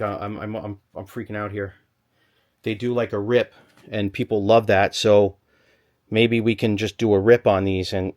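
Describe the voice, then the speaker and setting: A man's voice: on the low side, darkish tone. Breathless man rambling over a find. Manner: rambling, stop-start, thinks aloud while sorting. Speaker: storage unit reseller. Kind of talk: excited unboxing vlog. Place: storage locker.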